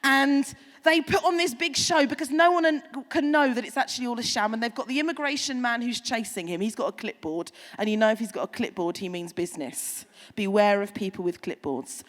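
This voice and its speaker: A woman pastor giving a sermon, chatty and animated, with playful asides to the congregation. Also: on the high side, fairly quick, in a large hall.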